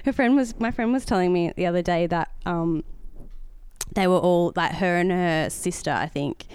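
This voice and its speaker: A woman's voice: fairly low pitch, normal speed, a little mellow, clear, resonant tone. A young woman co-hosting a podcast, telling rambling stories in casual chat with frequent giggles. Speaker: podcast co-host. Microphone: podcast mic, often turned away.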